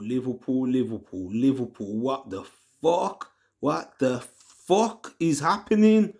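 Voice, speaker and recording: A man hosting a fan channel, ranting in a swearing, slangy, exasperated way about his team. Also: high voice. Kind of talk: angry football fan rant.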